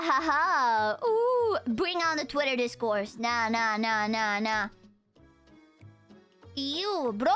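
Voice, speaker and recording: A woman's voice: sits high, bright, forceful tone. A young woman with a Romanian accent chatting casually and jokily with her stream viewers, full of slang.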